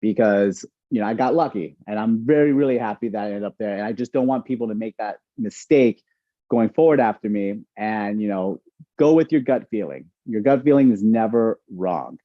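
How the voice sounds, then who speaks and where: A man, an incoming resident physician, telling stories in a casual, animated way with lots of fillers. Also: lowish voice, moderate pace, no room sound, dull audio. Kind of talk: casual storytelling talk.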